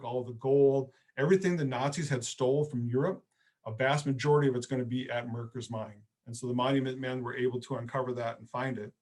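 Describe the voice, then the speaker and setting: A middle-aged man giving a history lecture, chatty and anecdotal rather than formal. He tells the story casually with loose, spoken phrasing. His voice sits at an average pitch for a man. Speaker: history professor.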